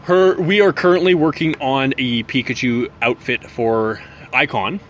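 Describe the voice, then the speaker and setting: A man co-hosts a relaxed podcast. His voice sits in a middle pitch, and he talks in a loose, chatty way, full of "uh"s and restarts. Faint noise hums under the recording. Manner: chatty, halting with fillers and restarts. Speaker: podcast co-host. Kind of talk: casual chat.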